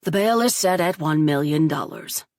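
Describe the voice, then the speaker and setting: A woman's voice: sits low, moderate pace, darkish tone, no echo, clean studio sound, close to an everyday voice. A woman voicing a stern, curt middle-aged male judge in a clipped, reprimanding tone, read in a storybook narration.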